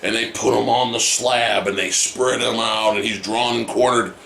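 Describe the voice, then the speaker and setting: A man's voice: mid-range voice, fairly even intonation, normal speed, vocal fry, fairly bright tone. A man hosting a podcast, chatting casually about a film, swearing, laughing and acting out scenes. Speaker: podcast host. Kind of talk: casual film review chat. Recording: echoey room, faint noise.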